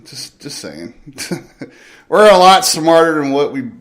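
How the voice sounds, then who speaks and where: A man's voice: fairly high pitch, sing-song, takes it slowly. A man with a Southern US accent co-hosting a morning show, chatting casually and laughing it off. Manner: laughing, self-deprecating. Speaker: radio show co-host. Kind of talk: casual chat.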